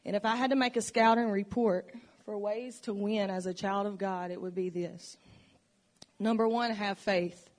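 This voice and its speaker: Woman, church testimony, earnest and emotional, reflective storytelling, mid-pitched voice. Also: steady tone, normal speed, darkish tone. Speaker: church member giving testimony. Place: church sanctuary.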